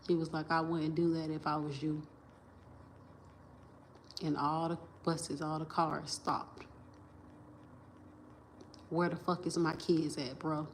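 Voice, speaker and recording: On a livestream, a low-voiced woman talks into her phone camera amid slight background noise. Her speech is rambling, emphatic and profane, with restarted sentences and repetition.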